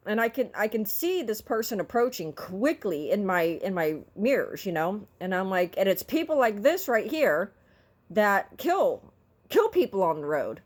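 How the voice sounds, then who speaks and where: A woman's voice: medium pitch, very animated, moderate pace. A middle-aged woman telling a story in a casual vlog, talking in an exasperated, vocal, ranting way. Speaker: vlogger.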